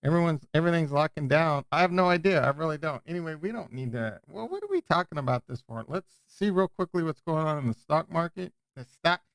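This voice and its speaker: Male livestream host, rough gravelly voice, chatty and rambling, dry close-mic sound. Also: fairly high pitch, sing-song, fairly quick, hardly any pauses, fairly bright tone, no room sound. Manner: rambling, self-interrupting, chatty. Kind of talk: casual livestream chat.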